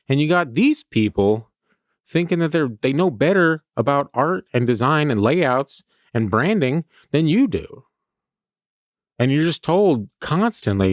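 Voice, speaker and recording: A man's voice: medium pitch, animated, normal speed, dry recording, studio quality. A man from California hosting a comedy podcast, rambling through a self-mocking stream-of-consciousness monologue. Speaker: podcast host.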